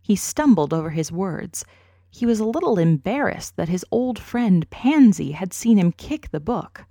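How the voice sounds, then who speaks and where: A woman reading a children's story aloud, clear and expressive. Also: mid-range voice, a little slow, no echo, studio quality. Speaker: narrator.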